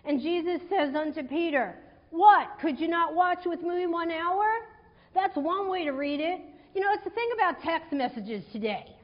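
A woman preaching a sermon in a conversational, animated way, retelling a scripture story and acting out its quotes. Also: extremely high pitch, normal speed. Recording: dull sound in a hall with long reverb.

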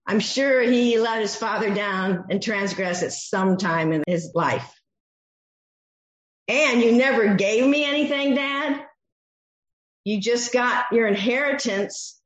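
A woman's voice: mid-range voice, takes it slowly. A woman preaching a sermon, teaching from a Bible passage and acting out the voices she quotes. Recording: echoey dull room sound.

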